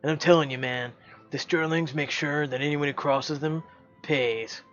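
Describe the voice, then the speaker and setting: A man's voice: on the high side, steady tone, normal speed, a bit bright, dull audio, close to an everyday voice. A man doing a cocky, swaggering young guy. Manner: boastful, swearing, emphatic.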